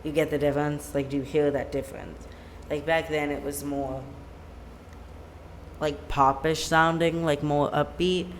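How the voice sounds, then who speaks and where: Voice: medium pitch, level tone, unhurried, slight background noise. A musician chatting casually on a live stream from home, rambling and leaning on "like" as a filler. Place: home room with a plain white backdrop.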